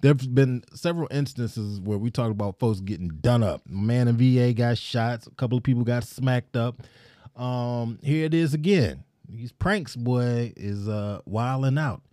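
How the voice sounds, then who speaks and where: A man hosting a podcast in relaxed, rambling casual chat, often laughing mid-sentence. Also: mid-range voice, unhurried, no room sound, studio quality. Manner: laid-back, rambling, laughs while talking. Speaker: podcast host.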